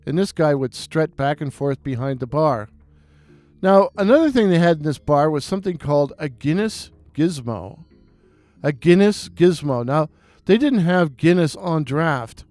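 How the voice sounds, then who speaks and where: A man with a fairly high voice recalls an old memory at an easy, digressive pace. He talks casually, as if chatting with a friend. The recording is dry and close, with no room echo. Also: animated, darkish tone. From New York City. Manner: rambling, digressive, unhurried. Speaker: storyteller. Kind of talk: casual spoken reminiscence.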